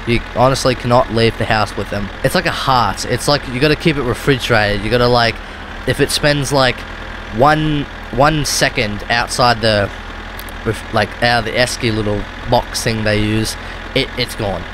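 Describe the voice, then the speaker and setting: A man with an Australian accent, speaking at normal speed in a mid-range voice, hosts a gaming video. He offers loose, rambling gameplay commentary, regularly fixing himself mid-sentence, with car engine noise in the background.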